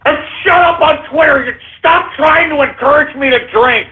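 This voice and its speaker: Short-fused shrill male sidekick for a radio comedy bit, shouty and whiny, over a thin phone-line sound. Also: moderate pace. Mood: pleading. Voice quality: whiny, shouting, exasperated ranting. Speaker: radio show regular. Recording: tinny phone-like audio.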